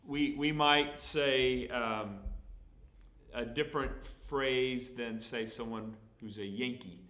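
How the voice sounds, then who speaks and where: A man's voice: medium pitch, fairly even intonation, slow, bright, forceful tone, roomy sound. A man with a Southern accent from Texas, a pastor answering questions in a folksy, plainspoken way with frequent fillers. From Texas, USA. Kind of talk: sermon Q&A.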